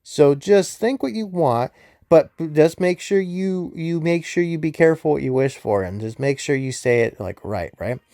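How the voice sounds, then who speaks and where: A man voicing a playful trickster witch woman in a raised, sing-song voice with drawn-out phrasing. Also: a little high, lively intonation, dark tone, dry recording, studio quality. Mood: sweet, scheming.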